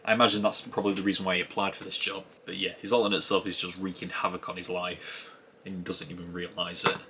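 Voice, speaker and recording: A man's voice: low-pitched, level tone, fast talker, background noise. A man giving a casual spoken review of a TV episode, musing aloud and rambling with frequent restarts.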